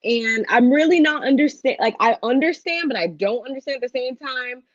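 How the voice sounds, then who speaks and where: A woman co-hosting a casual livestream chat, rambling and thinking aloud with many pauses. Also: high-pitched, animated, dry recording, dull audio. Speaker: co-host.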